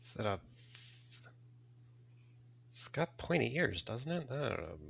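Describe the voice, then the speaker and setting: A man playing a trivia game, low-key and resigned when he lacks an answer, heard over a dull lo-fi remote line. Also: sing-song, unhurried, vocal fry, fairly bright tone, breathy edge. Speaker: trivia contestant. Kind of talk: casual game chat.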